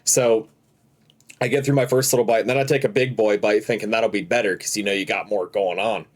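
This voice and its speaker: A man's voice: on the low side, steady tone, fairly quick. A man co-hosting a casual podcast, telling stories animatedly and laughing through them. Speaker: podcast co-host. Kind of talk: casual chat, storytelling.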